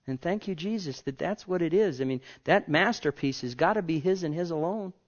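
A man preaching a sermon in an earnest way, swinging from soft, drawn-out phrases to emphatic ones and repeating key words. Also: fairly high pitch, expressive. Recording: dull lo-fi recording.

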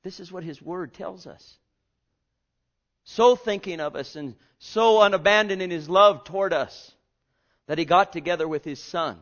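A man preaching a sermon with passion, swinging from hushed, drawn-out words to loud cries. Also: sits high, dull audio.

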